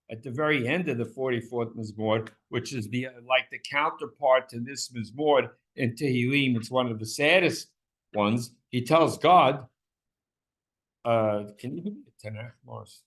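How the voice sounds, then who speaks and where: A man's voice: normal speed, fairly bright tone. Passionate man teaching a Bible class. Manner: passionate, voice leaps high when quoting pleas; repeats words, restarts often. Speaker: Torah teacher.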